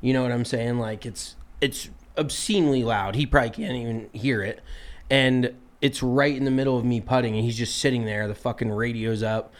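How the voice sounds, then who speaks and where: A man co-hosting a podcast, telling a story in a casual, animated and profane way, sounding exasperated. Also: medium pitch, normal speed. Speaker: podcast co-host.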